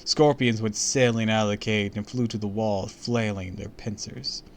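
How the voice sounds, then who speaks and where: A man's voice: on the low side, steady tone, moderate pace, a little hiss or hum. A man reading a horror story aloud on a stream, dramatic and dropping into whispers for suspense.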